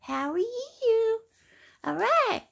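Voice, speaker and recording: A woman's voice: extremely high pitch, very animated, drawn-out words, gravelly, a bit bright. A woman in a casual home vlog, talking in a sing-song way as if to a child. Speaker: vlogger.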